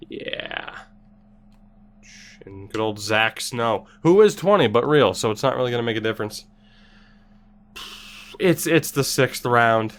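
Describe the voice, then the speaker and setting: A male gaming streamer plays a hockey video game at his desk mic, reading viewers' comments aloud and tossing off wry, sarcastic mutterings. His voice keeps swinging up and down in pitch, with a smooth, fairly bright tone.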